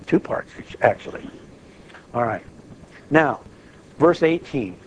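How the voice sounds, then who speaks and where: A man leading an informal Bible study, lively and acting out prayers as he talks. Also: medium pitch, slow pace, lo-fi sound, a little hiss or hum. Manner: animated, acts out prayers and quotes.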